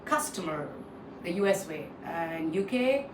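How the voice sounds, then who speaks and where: During an online pronunciation lesson, a woman trainer goes through how words are said and repeats each one as a drill, often pausing with "uh". Her mid-range voice is animated but sounds distant and slightly off-mic, in a roomy space with a faint hiss.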